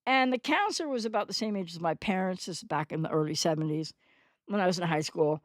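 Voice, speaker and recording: A woman's voice: lowish voice, quick pace, no echo, clean studio sound. A woman in her sixties hosting a recovery channel, giving a rambling, candid, unscripted monologue in reply to a commenter, often correcting herself as she goes.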